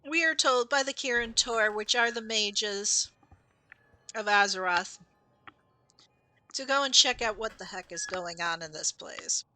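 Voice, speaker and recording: A woman's voice: mid-range voice, unhurried, pauses often, bright, forceful tone. A woman streamer giving casual, chatty commentary while she plays, explaining game lore and laughing at her own mistakes.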